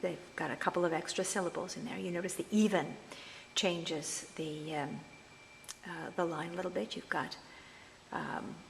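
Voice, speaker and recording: A woman lecturing on verse meter, explaining patiently and reading quoted lines slowly. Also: fairly low pitch, creaky, in a large hall, a little hiss or hum, low-quality recording. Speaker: literature lecturer.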